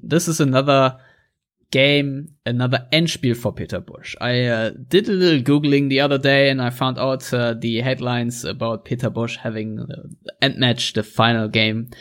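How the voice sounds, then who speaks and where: A man with a German accent hosting a casual football podcast, chatty and relaxed. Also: medium pitch, moderate pace. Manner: relaxed, chatty, laughs easily. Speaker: podcast host.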